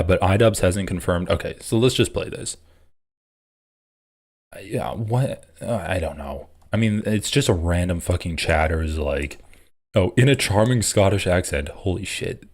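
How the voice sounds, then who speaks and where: A man's voice: lowish voice, darkish tone. A man hosting a live reaction stream, reading comments and ranting scornfully with plenty of swearing. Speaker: livestream host reacting to videos.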